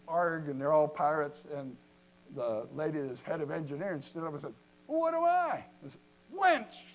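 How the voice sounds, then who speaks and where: Brief: male speaker, co-founder at a lectern, lively anecdotes, slightly high voice, faint hum behind. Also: rough recording. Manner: animated, jokey storytelling with laughs. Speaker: company co-founder giving a talk. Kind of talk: storytelling talk to an audience. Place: lecture hall at a university event.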